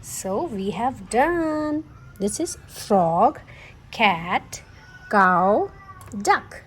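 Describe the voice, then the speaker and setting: A young woman teaching toddlers, asking questions in a slow singsong way. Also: mid-range voice, sing-song, a little hiss or hum. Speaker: children's teacher.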